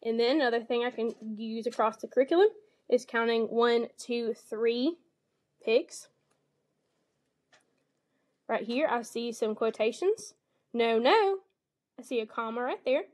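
A woman's voice: a little high, unhurried, long pauses. Woman teacher modeling a picture-book lesson. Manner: explanatory, reads animal sounds with bright expression.

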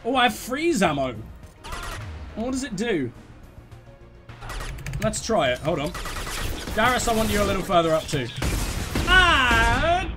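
A man commentating his own gameplay, excitable, swearing freely and giving orders to his teammates. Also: high voice, measured pace, long pauses, over music. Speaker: let's play host.

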